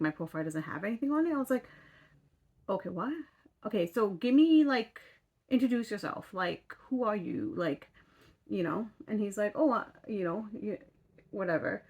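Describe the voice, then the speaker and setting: A young woman from western Canada talks casually to her camera, rambling through her story with lots of fillers and asides. Her voice sits a little low for a woman. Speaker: vlogger. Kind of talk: casual chat.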